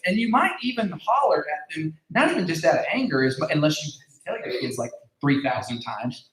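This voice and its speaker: In an echoey large room, a man serving as pastor gives a casual talk to a youth group. His fairly high voice is animated and moves at a normal speed, and his conversational delivery is packed with fillers and repeated words.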